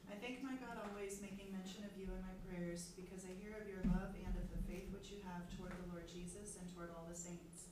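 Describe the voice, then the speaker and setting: A woman with a fairly low voice reads scripture aloud at a brisk clip. She is heard from across a very echoey room, with clear background noise. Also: fairly even intonation, far from the mic. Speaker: class member.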